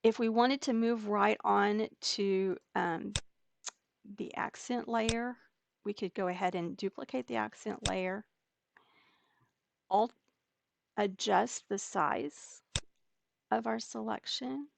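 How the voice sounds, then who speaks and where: A woman teaching a digital scrapbooking layout step by step, talking slowly and patiently with occasional fillers. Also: medium pitch, creaky, slight background noise. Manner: slow, step-by-step explaining with fillers. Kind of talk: screen-recorded software tutorial.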